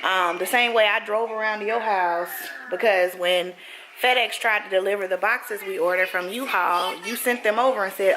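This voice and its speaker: A woman in her thirties, a vlogger chatting to her viewers in an animated, talkative way from a moving car, quick to laugh. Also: mid-range voice. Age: 30s. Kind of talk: casual chat to camera. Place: passenger seat of a moving car. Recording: road noise inside a moving car.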